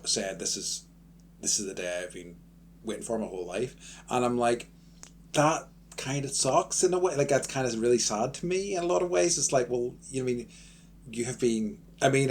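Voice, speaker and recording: A man's voice: fairly low pitch, vocal fry, slight background noise. A man chatting on a podcast as co-host, rambling with lots of fillers and restarts. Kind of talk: casual chat.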